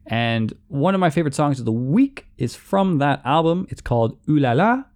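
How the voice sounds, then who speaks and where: A man's voice: on the high side, animated, moderate pace, darkish tone. A man hosting a music show, giving casual, rambling commentary with a playful, self-deprecating manner. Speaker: music show host and playlist curator.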